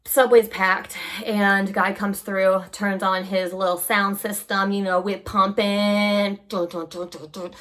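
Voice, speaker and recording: A young woman from New York telling stories to camera in a casual, animated way. She moves between hushed asides and excited highs. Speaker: vlogger.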